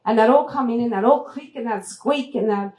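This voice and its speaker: A woman who hosts a travel show, telling a story to a retreat audience in a lively way, laughing often and squealing as she acts out moments. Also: fairly high pitch, a little fast. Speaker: travel TV host giving a talk. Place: event room at a retreat. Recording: roomy echoing hall.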